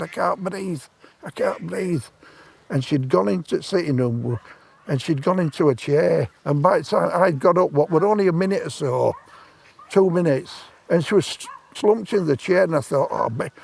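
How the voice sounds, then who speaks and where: Older guy rambling on a park bench, gravelly and a bit high. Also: darkish tone. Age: 70s. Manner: plain-spoken, rambling, dialect grammar. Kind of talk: casual storytelling.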